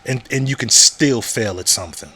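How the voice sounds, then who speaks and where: A man's voice: medium pitch, moderate pace, pushed and bright, breathy edge. A man hosting a podcast, talking casually and frankly, with frequent repetitions and checks like "you know what I'm saying?". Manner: frank and profane. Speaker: podcast host. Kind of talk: casual monologue.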